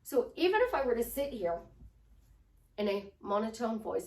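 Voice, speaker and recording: A middle-aged woman life coach giving a lively coaching talk, acting out affirmations in shifting tones. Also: a little high, moderate pace, long pauses. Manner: animated, acts out affirmations in different tones. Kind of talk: coaching monologue. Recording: roomy sound from a distant mic.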